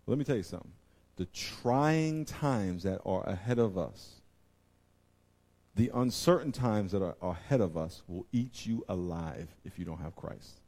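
A man preaching a sermon to his congregation, with emphatic delivery that swings from loud exclamations to quiet intensity and repeatedly addresses the audience directly. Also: deep voice, lively intonation, moderate pace. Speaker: pastor.

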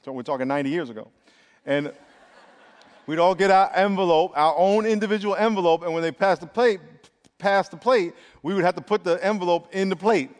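A high-pitched middle-aged male pastor delivers an emphatic sermon, drawing the congregation into call and response. His voice carries the long reverb of a large church sanctuary. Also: a little fast.

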